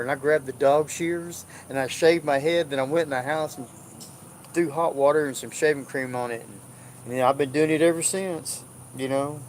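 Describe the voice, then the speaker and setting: A man's voice: fairly high pitch, moderate pace, slight background noise. A man chatting casually at home, jovial and rambling, drifting off track as he tells stories. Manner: jovial, rambling, drawling storyteller. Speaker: vlogger. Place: indoors at home.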